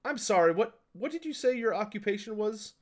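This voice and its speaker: A man voicing a gruff human horse trader who distrusts wizards and talks in an offhand, folksy way. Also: high voice, animated, fairly quick, pitched above the performer's own voice. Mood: wary. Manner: offhand, folksy, leading questions.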